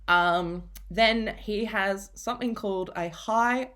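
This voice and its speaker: A woman's voice: medium pitch, slow pace, fairly bright tone. A woman teacher giving a recorded reading and grammar lesson, explaining patiently and going back over key points.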